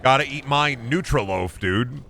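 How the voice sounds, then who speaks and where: Lively, bright-voiced streamer man. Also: medium pitch, unhurried, creaky, a little hiss or hum. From United States. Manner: rambling, profane, joking asides. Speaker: streamer playing a video game. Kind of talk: casual gaming commentary.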